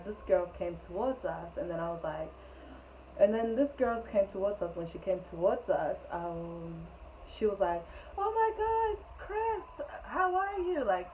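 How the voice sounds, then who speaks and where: A woman telling a storytime vlog in an animated, rambling way, full of "like", on a tinny, phone-like recording. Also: lowish voice, moderate pace. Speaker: vlogger. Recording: tinny phone-like sound, faint hiss.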